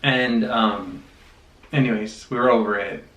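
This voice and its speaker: Young man, low voice, relaxed, many fillers, echoey room, mic at a distance. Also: measured pace. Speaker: vlog co-host. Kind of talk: casual storytime chat. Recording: roomy sound from a distance.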